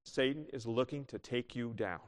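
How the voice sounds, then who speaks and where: A male pastor preaching a sermon, moving from loud exclamations to quiet asides and reading scripture in older biblical wording. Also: mid-range voice, moderate pace. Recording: long hall reverb.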